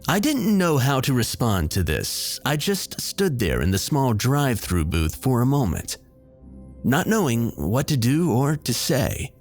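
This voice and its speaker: A man telling a first-person horror story in a steady, measured way. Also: medium pitch. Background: faint background music.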